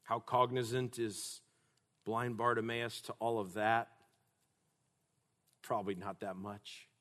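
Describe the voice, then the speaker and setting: A man preaching a sermon emphatically, rising to loud, forceful passages. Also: fairly low pitch, level tone, takes it slowly.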